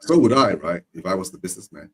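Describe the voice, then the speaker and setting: A man's voice: sits low, lively intonation, quick pace, fairly bright tone. A man chatting casually about football as a panelist, ending his phrases with "right?" and laughing often.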